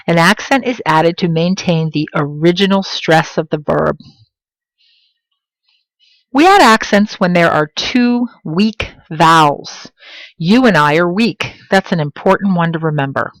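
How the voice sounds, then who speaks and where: Woman, Spanish teacher, slightly low pitch, dry recording, careful emphatic pronunciation. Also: no room sound, poor audio. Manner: slow, emphatic pronunciation of example words. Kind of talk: classroom lesson.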